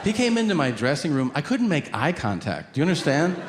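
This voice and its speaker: Guy doing standup, dry and sweary, big echoey theater, crowd noise under him. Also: fairly high pitch. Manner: deadpan, profane, acts out quick voices. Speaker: stand-up comedian. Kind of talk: stand-up set. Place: theater stage before a laughing audience. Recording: long hall reverb, audience noise.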